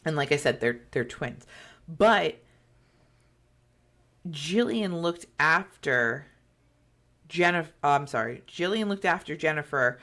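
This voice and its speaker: A woman's voice: low-pitched, expressive, slow, pauses often, a bit bright. A woman co-hosting a podcast, telling a story in a chatty way with lots of fillers and acted-out quotes. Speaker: podcast co-host. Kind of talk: casual storytelling chat.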